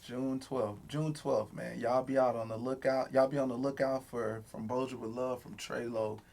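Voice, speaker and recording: A man hosting a podcast interview in a relaxed, encouraging way. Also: mid-range voice, creaky, slight background noise. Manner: relaxed, encouraging, drawn-out praise. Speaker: podcast host. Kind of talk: casual interview chat.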